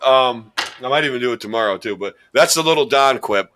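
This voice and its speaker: A man's voice: medium pitch, a little fast, bright, forceful tone. A man hosting a casual podcast, rambling and joking at his own expense while telling stories. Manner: rambling, jokey, self-deprecating storyteller. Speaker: podcast host and quiz contestant. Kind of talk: casual chat.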